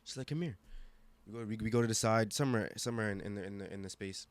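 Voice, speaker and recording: A man in his twenties from Germany, guest on a podcast, telling a story with emphatic, animated delivery and many restarts. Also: fairly low pitch, very fast, no room sound. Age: 20s. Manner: animated, emphatic, acts out quoted voices, frequent restarts. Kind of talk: casual storytelling conversation.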